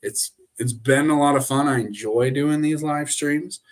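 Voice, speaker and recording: A man's voice: fairly high pitch, measured pace. A young man hosting a sports live stream, ranting and rambling with lots of fillers and restarts, talking straight into his camera. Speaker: sports show host. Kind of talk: casual live stream chat. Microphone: webcam.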